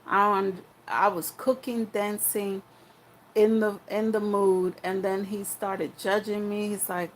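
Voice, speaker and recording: A woman's voice: medium pitch, level tone, slow pace, slight background noise, rough recording. A young woman telling a personal story in a frank, rambling, profane way, full of restarts and asides.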